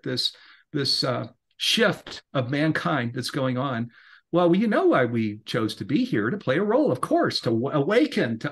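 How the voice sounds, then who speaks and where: A middle-aged man, a podcast guest, talking in an earnest, rambling way that grows animated when he is inspired. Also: a little high, moderate pace, husky. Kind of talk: casual interview talk.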